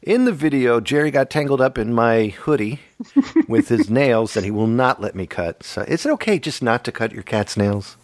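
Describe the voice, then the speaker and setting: A man's voice: medium pitch, normal speed, dry recording. A man in his fifties hosting a casual podcast chat, joking and laughing often as he tells stories. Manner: jokey, laughs often, animated storyteller. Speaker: podcast host.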